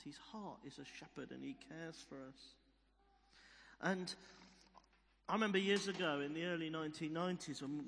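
Male preacher, slightly high-pitched, storytelling sermon in a reverberant church hall. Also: fairly bright tone. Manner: storytelling, repeats key phrases for emphasis.

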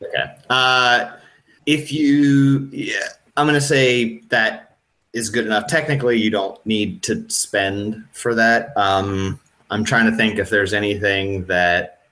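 A man narrates a tabletop role-playing scene as game master. His speech is slow and hesitant, full of fillers, and his voice has a bright, forward tone. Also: fairly low pitch, steady tone. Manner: hesitant, full of ums and restarts.

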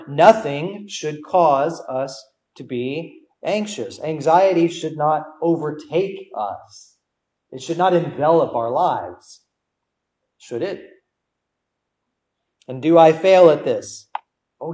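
A man's voice: on the high side, expressive, takes it slowly, long pauses, a little mellow, echoey room, rough recording. A young adult man preaching a sermon as a guest preacher, asking the congregation rhetorical questions and repeating key words for emphasis. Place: church.

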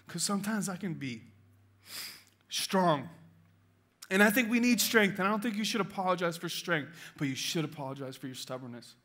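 A man's voice: sits high, lively intonation, moderate pace, a bit bright. A male pastor preaching a sermon in a church, telling a personal story with emotion and urging his congregation passionately. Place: church auditorium.

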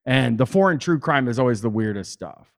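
A man's voice: medium pitch, expressive, a little fast. A man podcaster talking as a guest in casual chat, rambling, swearing freely and using many fillers.

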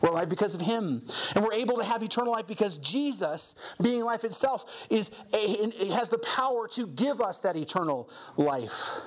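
A man's voice: high voice, expressive, moderate pace. A man preaching a sermon as pastor, emphatic and repeating key phrases for weight.

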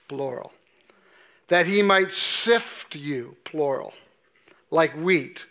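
A man preaches a sermon from the pulpit of a church, pacing his words slowly and stretching out the lines he quotes from scripture for weight. His voice sits high for a man. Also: bright, forceful tone. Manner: slow, deliberate preaching with emphatic drawn-out scripture quotes. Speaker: pastor. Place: church sanctuary.

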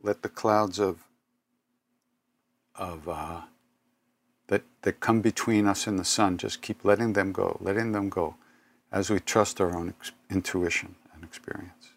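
An older man giving a spiritual talk, telling personal stories in an unhurried, reflective way with pauses and self-corrections. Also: sits low, fairly even intonation, creaky. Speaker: spiritual teacher.

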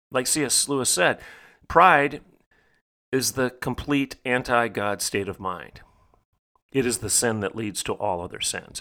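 A middle-aged man hosts his podcast in a preaching monologue. His voice is bright and forceful, sitting at an ordinary pitch for a man. He talks emphatically and rhetorically, repeating phrases to drive each point home. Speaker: podcast host.

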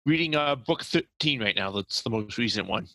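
A man's voice: mid-range voice, expressive, moderate pace, bright, forceful tone, dry recording, poor audio. A man chatting casually on a podcast, hesitant with many ums and uhs. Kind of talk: casual chat.

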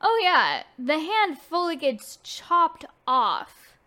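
Slow-talking woman co-hosting a podcast. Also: high voice, big pitch swings, pushed and bright. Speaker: podcast co-host. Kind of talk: casual game review chat.

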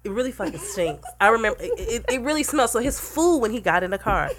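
A woman's voice: on the high side, very animated, quick pace, a crowd in the background. A woman co-hosting casual drunken girl talk, telling blunt, profane stories with emphasis. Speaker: podcast co-host.

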